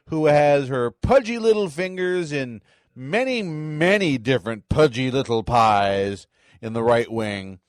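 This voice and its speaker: A man's voice: on the high side, no room sound, studio quality. A man hosting a political commentary podcast, talking in a sarcastic, mocking way. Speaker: podcast host.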